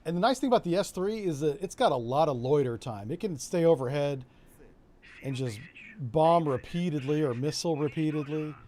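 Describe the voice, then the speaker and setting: While playing a naval strategy game on stream, a middle-aged man from Florida keeps up a chatty, joking commentary, addressing viewers directly. His Florida-accented voice is a little high, expressive, fairly quick, and darkish in tone.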